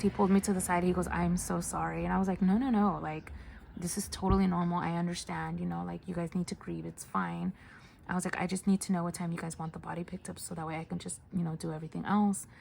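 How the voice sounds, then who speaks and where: Hushed, gravelly-voiced woman telling a story. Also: on the low side, a little hiss or hum. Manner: soft, hushed delivery with many fillers. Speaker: hospice nurse telling a story. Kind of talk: casual storytime.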